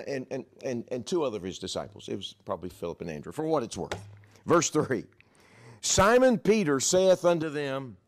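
A male pastor walks through a scripture passage, reading verses aloud and then unpacking them in plain, chatty asides. His mid-pitched voice swings from loud, lifted quotations down to hushed, low commentary. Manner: animated, rising loud when quoting, dropping low for asides; conversational with fillers and self-corrections. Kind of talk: expository sermon reading scripture.

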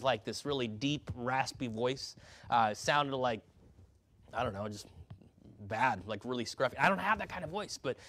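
A man's voice: fairly high pitch, fairly bright tone, dry recording. A man preaching an earnest sermon to his congregation, often restarting and repeating words as he reads scripture aloud. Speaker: pastor.

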